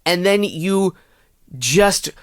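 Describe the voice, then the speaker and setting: A man's voice: high-pitched, animated, very slow, slight background noise. A man co-hosting a podcast, joking around and rambling, with casual swearing. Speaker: podcast co-host. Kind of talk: casual comedic chat.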